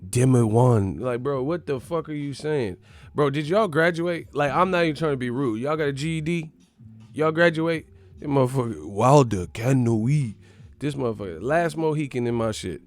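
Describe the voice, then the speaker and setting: A man's voice: fairly high pitch, a little fast, soft background music. Profane, mocking male boxing streamer. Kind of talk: casual livestream rant.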